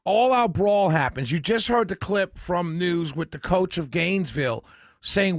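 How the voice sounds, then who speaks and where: A man's voice: high-pitched, expressive, measured pace, dry recording. A man hosting a talk radio show from a studio, giving his opinions emphatically and working them out as he speaks. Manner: emphatic, opinionated, thinks out loud. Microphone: studio microphone.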